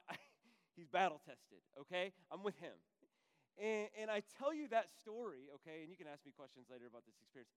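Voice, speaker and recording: A young man preaching a sermon as pastor, telling stories in an animated way with many fillers and restarts. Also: fairly high pitch, clean tone, poor audio.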